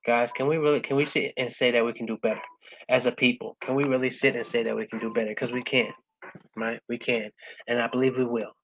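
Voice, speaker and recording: Passionate woman giving a motivational talk, keeps going "right?", gets loud then soft. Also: steady tone, fast talker, muffled recording, slight background noise. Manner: passionate, repeats "right?" after most points; swings between loud urging and soft, low-key closing. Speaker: guest speaker.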